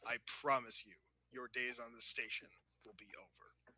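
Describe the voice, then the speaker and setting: A man's voice: mid-range voice, fairly even intonation, normal speed, bright, forceful tone, pitched below the performer's own voice, rough recording. A man playing a coldly stern security officer. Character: stern male security officer, coolly threatening.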